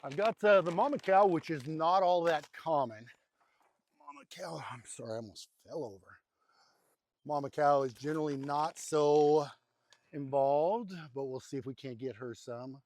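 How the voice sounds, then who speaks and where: A man's voice: on the high side, normal speed, slight background noise. Chatty man coaxing cattle outdoors. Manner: rambling and chatty, coaxing the animals softly. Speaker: homestead vlogger. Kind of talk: casual narration to camera while feeding cattle. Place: outdoors at a cattle pen on a farm. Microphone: handheld or nearby camera mic.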